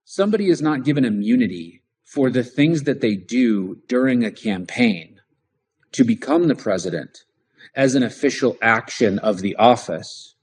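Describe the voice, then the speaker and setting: A man's voice: medium pitch, lively intonation, moderate pace, darkish tone, breathy edge. A man co-hosting a political talk show, explaining his points in a conversational way and often restarting his sentences. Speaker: podcast co-host.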